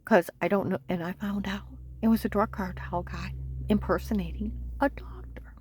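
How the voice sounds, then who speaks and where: A woman telling a long personal story in a rambling monologue, agitated and insistent, repeating herself and sometimes dropping to a hushed near-whisper. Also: medium pitch, steady tone, moderate pace, a little hiss or hum. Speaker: vlogger.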